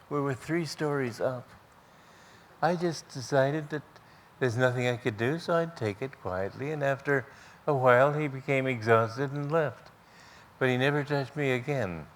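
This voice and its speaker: A man giving a spiritual talk in an auditorium, gentle and storytelling, with pauses and restarts. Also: on the low side, a little hiss or hum. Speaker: spiritual teacher.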